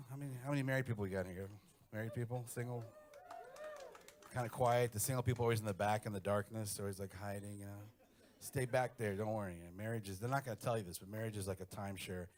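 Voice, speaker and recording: A middle-aged man doing a stand-up comedy set, telling crude stories in a brash, animated way. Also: mid-range voice.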